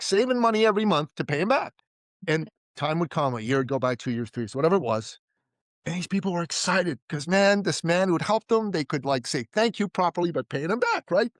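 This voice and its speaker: A man from Iran talking as a guest in a casual interview. His voice sits a little high for a man, and he is recorded dry and close. He tells his stories with energy and slips into the voices of the people he quotes. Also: brisk, no room sound. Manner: animated storyteller who acts out quoted voices and often says "like" and "right?". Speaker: podcast guest, entrepreneur.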